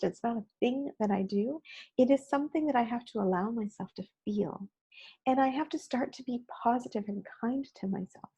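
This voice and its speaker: A woman's voice: high-pitched, a little mellow, slightly rough. A woman giving an earnest, personal keynote talk on video, speaking conversationally and often saying "you know". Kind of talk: motivational talk recorded on video.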